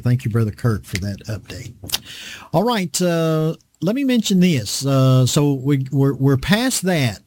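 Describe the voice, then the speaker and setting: Slow, deliberate male preacher. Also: on the high side, a little mellow, no room sound. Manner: slow, deliberate reading with frequent fillers. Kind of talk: Bible study sermon.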